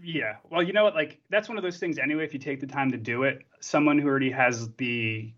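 A man's voice: mid-range voice, fast, fairly bright tone. A man hosting a casual interview, sharing trivia with enthusiasm. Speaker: podcast host. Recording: dull, muffled audio.

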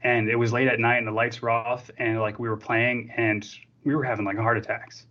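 A man's voice: mid-range voice, level tone, brisk, pushed and bright. A man hosting a casual interview, sharing trivia with enthusiasm. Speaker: podcast host. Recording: dull, muffled audio.

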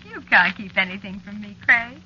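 A sharp, bright-toned witch wife teases her husband with purring menace. Her high voice jumps lightly up and down. It comes through a dull, muffled old radio recording. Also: slight background noise, full character voice. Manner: purring, sly, mocking. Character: jealous teasing witch wife, coolly menacing. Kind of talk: 1940s radio acting.

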